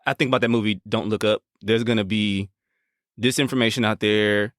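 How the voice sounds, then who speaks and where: A man's voice: fairly low pitch, fairly even intonation, brisk, a bit bright, no echo, clean studio sound. A man co-hosting a casual podcast, laid-back and joking, talking in slang. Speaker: podcast co-host.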